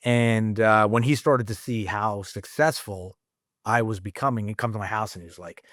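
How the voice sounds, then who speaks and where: A man's voice: lowish voice, normal speed, fairly bright tone, dry recording, studio quality. A middle-aged man talking candidly as a podcast guest, casual and rambling, swearing freely. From United States. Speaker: guest entrepreneur.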